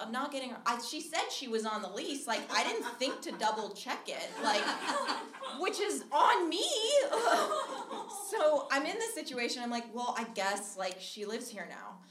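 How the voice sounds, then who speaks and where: A young woman from Minnesota telling a funny story live on stage, chatty and laughing as she goes. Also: a little high. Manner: chatty, animated, laughs through her story. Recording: echoey live room with loud background noise.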